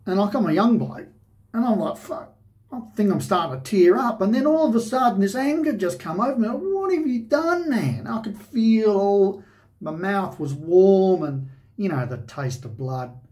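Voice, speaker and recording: A man's voice: sits high, animated, moderate pace, warm tone. An Australian man, host of a shaving channel, telling a personal story in a rambling, conversational way with lots of "you know".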